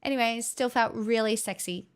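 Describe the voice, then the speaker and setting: On a headset mic, a young woman chats casually with her stream viewers in a rather high, smooth voice at normal speed. Her talk is giggly and rambling, with plenty of self-mockery.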